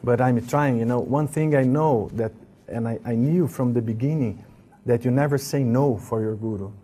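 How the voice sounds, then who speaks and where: A man speaks English with an Italian accent, his pitch sitting in the middle. He pauses and restarts often. Now and then he laughs while telling his stories. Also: dark tone. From Italy. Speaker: interview guest. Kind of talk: casual spiritual reminiscence.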